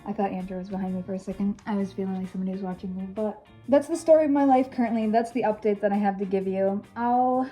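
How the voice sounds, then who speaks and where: A woman's voice: medium pitch, fast talker, hardly any pauses, warm tone, faint music behind, low-quality recording. A young woman chatting casually in a vlog, candid and full of fillers like "um" and "like". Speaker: vlogger.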